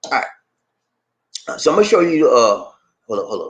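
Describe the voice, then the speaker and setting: A man from Charleston, South Carolina, with a Gullah Geechee accent, chatting casually to camera in an animated, laughing way, full of slang like "man" and "baby". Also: mid-range voice, brisk, highs cut off. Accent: Gullah Geechee, South Carolina Lowcountry. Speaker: vlogger. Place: Philippines.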